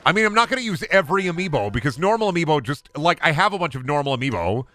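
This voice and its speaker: A young man giving casual, excitable play-by-play on a game stream, swearing freely and chatting to himself and his viewers. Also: fairly high pitch, very fast. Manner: excitable, swears a lot, talks to himself and chat. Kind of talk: casual gameplay commentary.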